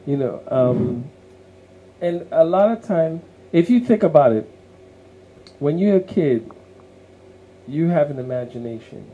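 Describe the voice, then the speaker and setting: A man's voice: on the high side, expressive, a little slow, pauses often, dark tone, muffled recording. A man co-hosting a casual podcast conversation, speaking in an earnest, motivational way and repeating words as he works toward his point. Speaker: co-host.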